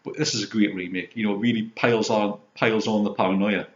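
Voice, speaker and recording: A man's voice: lowish voice, steady tone, quick pace. A man in his fifties from Britain, hosting a casual chat about film releases and filling his talk with "you know". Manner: rambling, leans on "you know", retells scenes. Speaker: host, film collector. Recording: roomy dull lo-fi sound.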